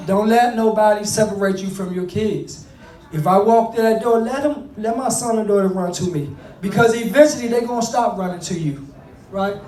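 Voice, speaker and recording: A man's voice: sits high, darkish tone, far from the mic. Middle-aged man, earnest and conversational, speaking to an audience on fatherhood; echoey room, sitting back from the mic. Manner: earnest, conversational, repeats and restarts. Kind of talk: motivational talk to an audience.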